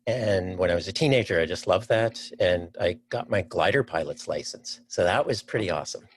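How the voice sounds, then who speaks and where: A man's voice: sits low, animated, fairly quick, a little hiss or hum. A man from Canada chatting as a podcast guest, enthusiastic and thinking aloud before he answers. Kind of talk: casual interview chat.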